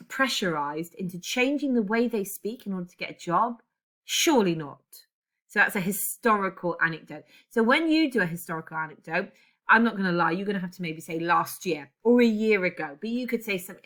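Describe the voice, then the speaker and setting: A woman's voice: medium pitch, a bit bright. A woman in her forties teaching a class, chatty and digressive, often correcting herself as she goes. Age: 40s. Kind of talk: classroom lesson.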